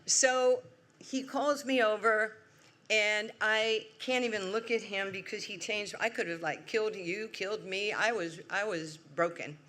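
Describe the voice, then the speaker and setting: Bright-voiced New York woman in her sixties. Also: mid-range voice, unhurried. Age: 60s. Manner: lively, humorous storyteller, acts out quoted voices. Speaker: award honoree. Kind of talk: acceptance speech with storytelling. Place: large event hall.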